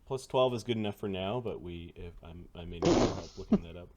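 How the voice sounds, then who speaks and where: Running a tabletop game as game master, a man with a low voice works through rules and numbers out loud, steady but with many uhs. He talks fairly quickly, and the recording is very noisy.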